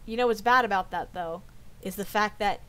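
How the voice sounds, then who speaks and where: This young woman streams a game while chatting casually, her mid-range voice moving fairly quickly against heavy background noise. It's relaxed let's-play talk, full of frequent swearing, and now and then she drops to a whisper.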